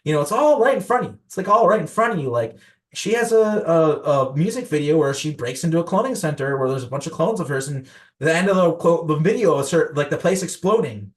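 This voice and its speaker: A man's voice: a little high, animated, a little fast. A young man from the United States, a podcast guest, telling conspiracy stories in a rambling way, full of fillers and restarts. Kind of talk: casual conspiracy storytelling.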